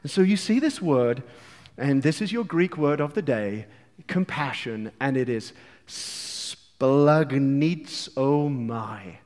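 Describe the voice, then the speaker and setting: An English man preaching a sermon with passion, moving between hushed lines and loud outbursts, with playful asides to the congregation. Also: on the high side, lively intonation, measured pace, long reverb tail. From England.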